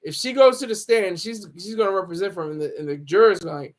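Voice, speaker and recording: A man with a high voice hosts a loose, joking livestream from home. He laughs often and answers viewer comments as they come in. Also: quick pace. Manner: joking, laughs often, reads chat aloud. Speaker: livestream host.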